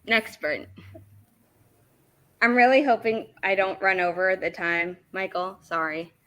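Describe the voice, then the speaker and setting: A woman with a bright, forceful voice, hosting a writing sprint livestream. She chats casually between sprints, tossing out quick asides. She counts everyone down into the next round. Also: mid-range voice. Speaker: writing sprint stream host.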